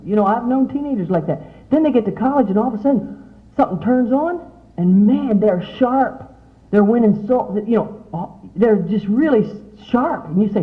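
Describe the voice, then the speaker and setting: Middle-aged woman, youth speaker, chatty and animated; tinny lo-fi recording. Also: mid-range voice, normal speed. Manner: chatty, animated, asks the audience many questions. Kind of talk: motivational talk to teen girls. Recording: tinny, phone-like lo-fi sound.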